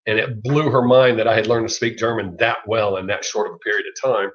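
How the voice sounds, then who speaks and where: A man's voice: on the low side, steady tone, fairly quick, fairly bright tone. A middle-aged man with a Southern US accent, chatting casually on a livestream, rambling, swearing freely and laughing often. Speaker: livestream host. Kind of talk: casual live chat. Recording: lo-fi dull sound.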